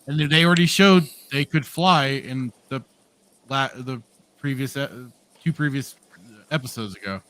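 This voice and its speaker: A man's voice: medium pitch, normal speed, fairly bright tone, dry recording. A man co-hosting a podcast, rambling through a casual review chat with lots of fillers, restarts and laughs. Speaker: podcast co-host.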